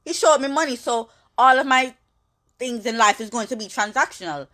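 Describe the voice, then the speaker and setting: A young woman in her twenties, a social media personality, talking candidly in a rambling way with halting restarts. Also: on the high side, bright, forceful tone. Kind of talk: candid monologue.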